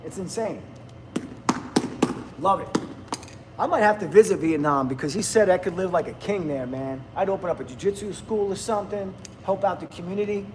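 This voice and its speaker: A man's voice: sits high, expressive, normal speed, noisy background. A man, rambling bluntly and laughing often in casual livestream chat with viewers. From New Jersey, USA. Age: 50s. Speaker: livestream host.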